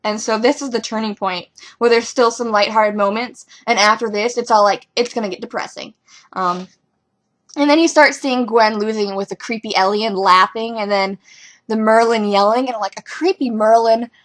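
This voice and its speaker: A young woman talking casually as a fan reviewing a TV episode, rambling and excitable with lots of ums and likes. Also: on the high side, moderate pace. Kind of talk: casual fan reaction commentary.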